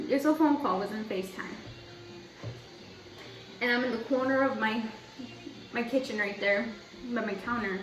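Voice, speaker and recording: A woman's voice: a little high, normal speed, pauses often, soft background music. A young adult woman telling a personal story in a casual, rambling way, full of "like" and restarts. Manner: chatty, rambling, heavy use of "like". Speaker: vlogger. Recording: echoey room, mic at a distance.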